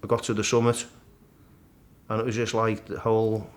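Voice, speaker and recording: A middle-aged man, a guest in a casual interview, vividly retelling his climb and acting out the shouts and thoughts along the way. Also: on the low side, moderate pace. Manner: animated storyteller, acts out his own shouts and thoughts. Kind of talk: storytelling in casual conversation.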